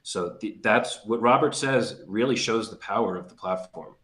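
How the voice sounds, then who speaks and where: Male co-host, low pitch, plain explanatory delivery, roomy echo on the mic. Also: normal speed, a bit bright. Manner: matter-of-fact, explains plainly, reads comments aloud. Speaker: podcast co-host. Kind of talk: casual livestream chat.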